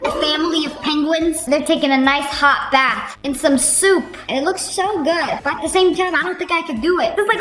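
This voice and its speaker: A young woman hosting a casual reaction video, chatty and animated, tossing in "like" and "bro" as she goes. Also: extremely high pitch. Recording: echoey room with faint music.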